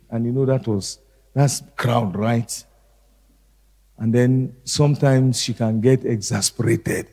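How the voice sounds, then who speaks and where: A middle-aged male pastor preaching a sermon slowly and deliberately, repeating key phrases. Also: medium pitch, mellow, in a large hall.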